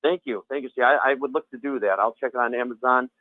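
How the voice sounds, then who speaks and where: A man's voice: mid-range voice, fast talker, no room sound. A man, a former Jehovah's Witness, talking in a heated conversation, rambling and repeating himself with blunt, profane words. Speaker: former Jehovah's Witness sharing his story. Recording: tinny phone-line audio, dry.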